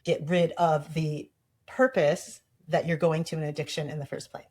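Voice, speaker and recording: A woman with a fairly low voice in a casual podcast conversation. She talks reflectively and slips into little quoted inner voices to make her point. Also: level tone, normal speed, a little mellow.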